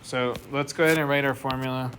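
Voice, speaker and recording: A man's voice: medium pitch, fairly even intonation, fast, a bit bright. A man teaching a math class, explaining step by step and asking the students questions. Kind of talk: classroom lecture. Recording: noisy classroom recording.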